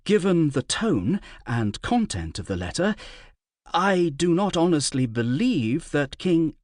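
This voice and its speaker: A delicate, timid court advisor woman, played by a male narrator, picks her words with care and stumbles over awkward ones. Her voice sits higher than his own with lively, rising inflection. The recording is close and dry. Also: no room sound. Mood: hesitant. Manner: hesitant, halting, careful diplomatic phrasing. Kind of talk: audiobook character voice.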